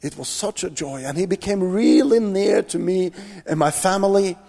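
A man's voice: high-pitched, normal speed, creaky, warm tone, long reverb tail. A man telling an earnest missionary testimony, often stopping and restarting his sentences. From Norway. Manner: earnest storytelling with many restarts. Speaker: missionary preacher. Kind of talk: testimony in a church talk.

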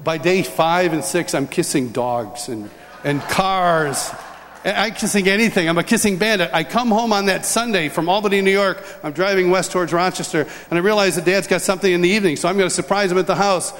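A man's voice: high voice, a little fast, a little hiss or hum. A man giving a humorous personal testimony, acting out scenes as he tells them. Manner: animated, acts out scenes and voices. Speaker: speaker telling a personal testimony. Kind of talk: humorous storytelling talk. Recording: large hall reverb, faint ambience.

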